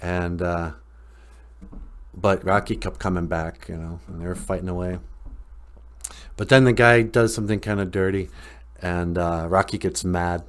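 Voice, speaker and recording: A man hosting a podcast tells a story in a low-pitched voice at normal speed, pausing often. He's relaxed and rambling, full of fillers and chuckles.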